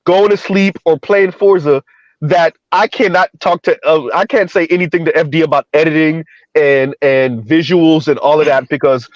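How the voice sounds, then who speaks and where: A man hosting a live stream in casual chat, rambling and repeating himself with quick asides. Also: on the high side, steady tone, no room sound. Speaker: streamer host. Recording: dull lo-fi stream audio.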